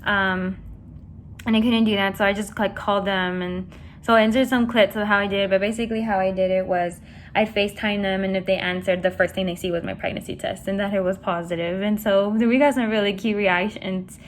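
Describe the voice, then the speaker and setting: A young woman vlogger chats while doing her makeup, rambling with plenty of "like" and "you know" and slipping in Spanish words. Her mid-range voice is steady and a little fast, with slight background noise.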